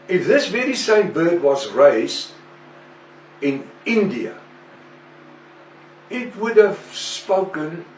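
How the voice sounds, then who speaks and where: Man, preacher, slightly high voice, echoey room, faint background ambience. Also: darkish tone, recorded from a distance, slight background noise. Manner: slow and deliberate, with rhetorical questions. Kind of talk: sermon-style teaching monologue.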